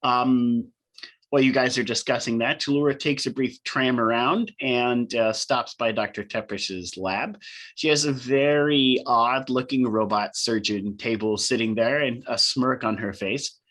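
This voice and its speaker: A man's voice: mid-range voice, fairly even intonation, measured pace, fairly bright tone. A man running a tabletop game as game master, narrating loosely with frequent ums and uhs.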